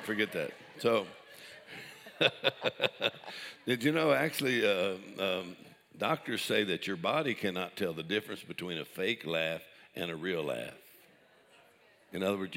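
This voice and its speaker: A man's voice: deep voice, bright, forceful tone, long reverb tail. An older male pastor preaching with jokes, chuckling at his own punchlines. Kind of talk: sermon with jokes.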